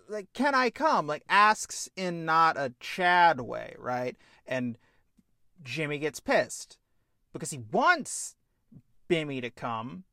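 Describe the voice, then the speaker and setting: A man with a bright, slightly higher voice co-hosting a podcast, talking through a film pitch in a lively, loose way. He swears freely as he goes. The sound is dry and close on the mic. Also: dry recording. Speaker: podcast co-host. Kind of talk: casual chat, pitching a film idea.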